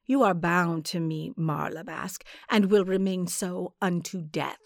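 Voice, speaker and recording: A woman voicing a cold, commanding old witch who speaks low, soft and menacing. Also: unhurried, vocal fry, no echo, studio quality.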